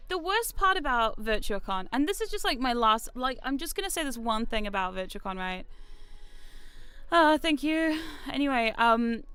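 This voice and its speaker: New woman streamer, high-ish crisp voice, rambly and self-deprecating, dry close sound. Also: bright, forceful tone, no room sound. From New Zealand. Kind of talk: casual stream chat. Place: home streaming room.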